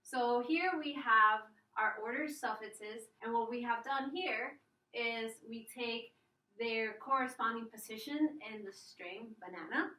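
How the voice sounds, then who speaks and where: Bright, echoey young woman explaining algorithms. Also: fairly high pitch, measured pace, far from the mic. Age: young adult. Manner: casual, with fillers and restarts. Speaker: student presenter. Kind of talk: explaining an algorithm over slides.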